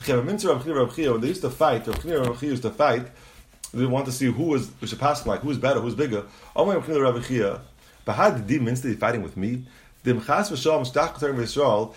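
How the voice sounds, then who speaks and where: A man teaching a Talmud lesson, reading Aramaic phrases and translating them into English as he goes. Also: mid-range voice. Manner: reads Aramaic phrases then translates them in quick bursts.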